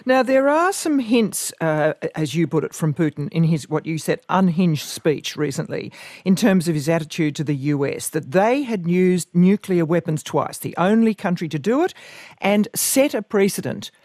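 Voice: medium pitch, animated, moderate pace, a little mellow, no room sound, studio quality. A radio host asking probing questions in a conversational, slightly hesitant way.

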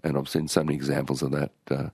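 A man's voice: extremely low pitch, flat delivery, fast talker, darkish tone, breathy edge, no echo. An older Australian man, an author being interviewed, telling stories in a rambling way with many restarts. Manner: rambling, with frequent restarts and storytelling. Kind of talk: relaxed conversational interview.

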